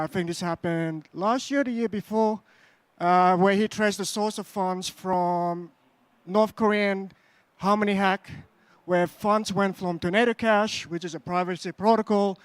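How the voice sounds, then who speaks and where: A man from Australia with an Australian accent giving a conference talk on stage, speaking slowly and carefully with frequent fillers. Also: high-pitched, smooth, dry recording. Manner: deliberately slow, careful delivery with frequent "uh" fillers.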